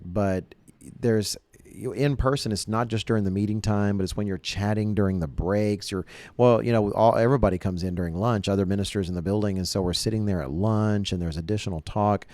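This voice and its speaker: A man's voice: on the low side, fairly quick, darkish tone, dry recording. A man hosting a podcast in casual chat, earnest and rambling, often restarting his sentences. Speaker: podcast host.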